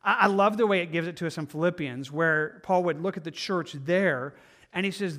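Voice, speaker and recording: A pastor delivers a sermon in a fairly high male voice. He talks earnestly and conversationally, and now and then he slips into the voices of doubting listeners. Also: moderate pace, a bit bright. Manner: earnest, conversational preaching with acted-out inner voices.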